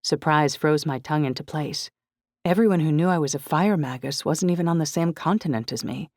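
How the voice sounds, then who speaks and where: A woman giving steady, measured first-person narration of a novel. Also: sits low, dry recording, studio quality. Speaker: audiobook narrator.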